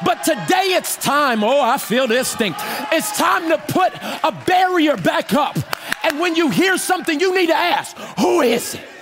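A pastor with children preaching a sermon fervently, swinging between shouting and hushed tones and calling on the congregation to respond. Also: male voice, very high-pitched, lively intonation, measured pace, over music, a crowd in the background. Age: adult with children.

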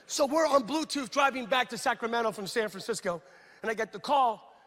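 A man's voice: extremely high pitch, fairly quick, fairly bright tone. A middle-aged man, a pastor, telling a humorous story in a sermon and acting out the dialogue. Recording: reverberant hall sound.

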